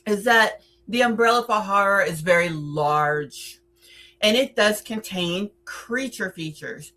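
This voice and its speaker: A woman hosts a playful countdown of her favorite horror films, taking her time over each word. Her voice sits a little low yet sounds bright and forceful, and she talks in a chatty way with theatrical asides. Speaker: horror film reviewer. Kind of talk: casual film countdown chat.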